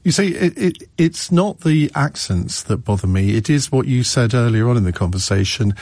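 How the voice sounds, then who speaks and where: A man's voice: mid-range voice, expressive, moderate pace, a little mellow, dry recording. A male radio host chatting with callers on a phone-in show. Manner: conversational, takes calls. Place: radio studio.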